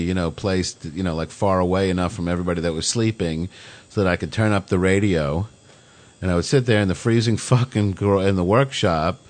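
A man in his fifties telling rambling stories in casual radio chat, swearing freely. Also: low-pitched. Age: 50s. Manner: profane, rambling storyteller. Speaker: podcast host.

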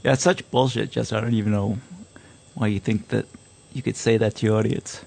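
A man's voice: lowish voice, steady tone, brisk, creaky, a little mellow. A man co-hosting casual radio chat, teasing and prompting his partner with questions.

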